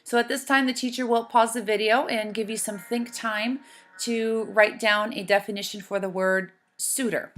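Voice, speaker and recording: A woman teacher in a recorded lesson, giving slow, deliberate instructions and spelling out sounds. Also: on the high side, fairly even intonation, fairly bright tone.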